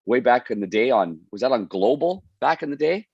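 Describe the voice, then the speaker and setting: A man's voice: mid-range voice, lively intonation, fairly quick, darkish tone, husky, dry recording, lo-fi sound. A man with a Canadian accent, a hockey broadcaster joining as a guest, friendly and joking.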